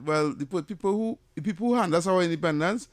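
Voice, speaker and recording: A man's voice: high voice, fast, dry recording. An older man with a Trinidadian accent co-hosting a talk radio show, blunt and opinionated, often repeating himself. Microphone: studio mic.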